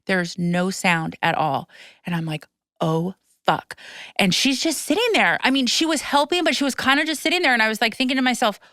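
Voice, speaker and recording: A woman chatting on her podcast, tumbling through a story with restarts and a curse here and there. Her voice is smooth and clear, and the sound is dry and close with no room around it. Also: fairly high pitch, a little fast, dry recording. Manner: animated storytelling, breathless retelling with frequent restarts; swears casually. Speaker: podcast host. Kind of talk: casual chat.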